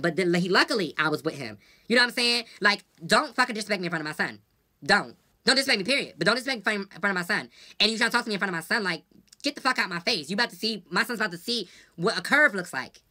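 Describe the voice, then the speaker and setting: Fast-talking blunt woman vlogger. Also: medium pitch. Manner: blunt, profane, animated storytelling. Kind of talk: casual venting to camera.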